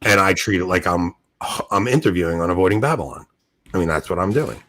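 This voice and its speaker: A man co-hosting a podcast, telling stories in an excited, animated way and laughing often. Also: low voice, fast talker. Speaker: podcast co-host. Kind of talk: casual podcast chat.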